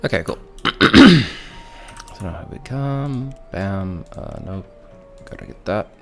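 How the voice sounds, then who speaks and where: A low-pitched, gravelly man rambles playfully while he streams a game and teases his chat. His pitch swings a lot as he talks, and faint music plays behind him. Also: expressive, takes it slowly, a bit bright. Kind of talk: casual gaming commentary.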